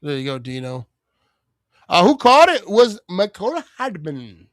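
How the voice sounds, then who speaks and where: A man's voice: high-pitched, sing-song, measured pace, no echo, studio quality. A man from Wisconsin hosting a live watch-party stream, chatting casually, laughing often and repeating "you know what I mean.".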